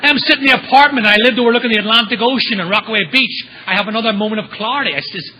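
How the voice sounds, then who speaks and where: A man's voice: sits high, very fast, hardly any pauses, slightly rough, dull audio. A man speaking at a recovery meeting, telling his story with humor and acting out the voices of people in it. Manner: animated storyteller acting out quotes.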